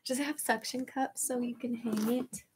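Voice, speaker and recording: A woman's voice: fairly high pitch, fairly even intonation, normal speed, a little hiss or hum. Giggly woman chatting on a vlog. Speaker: co-host. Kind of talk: casual chat.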